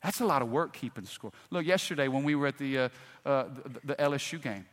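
A middle-aged man preaching a sermon, telling folksy stories and swinging from hushed to loud. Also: mid-range voice, fast talker. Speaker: pastor. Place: large church hall. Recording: long hall reverb.

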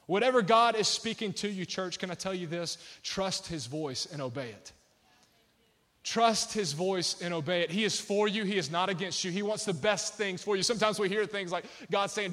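A man's voice: high-pitched, moderate pace, a bit bright. A male pastor preaching a sermon to a large church crowd, passionate and building to emphatic peaks.

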